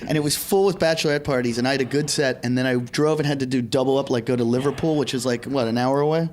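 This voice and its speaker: A man's voice: medium pitch, fast talker, a little mellow, a little hiss or hum. A man with an American accent, a comedian guest, telling a story in casual chat and laughing as he goes.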